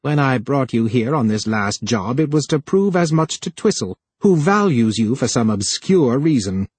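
A male narrator voicing a plump, scheming male official who sneers and then pleads in a higher voice. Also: lively intonation, moderate pace, darkish tone, slightly rough, no room sound. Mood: scornful.

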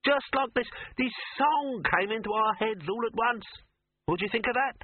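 A man reading the part of an excitable male dwarf film extra, chatty and sing-song, on a tinny, phone-like recording. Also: extremely high pitch, moderate pace, husky, dry recording, voice pushed up.

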